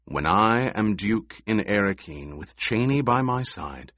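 A man voicing a calm, commanding young male duke in an audiobook, speaking in measured tones. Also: fairly low pitch, dry recording, studio quality.

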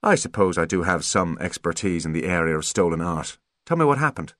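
A clever teenage boy genius, calm and self-assured, with a dry, understated wit, as a male audiobook reader plays him. The voice stays lowish and close, with a dry sound. It barely shifts from the reader's own voice. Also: a little fast, dry recording. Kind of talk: audiobook character voice.

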